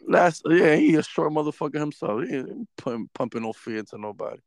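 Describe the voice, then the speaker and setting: Animated, profane man on a podcast. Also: fairly high pitch, brisk, no echo, studio quality. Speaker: podcast co-host. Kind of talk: casual uncensored podcast banter.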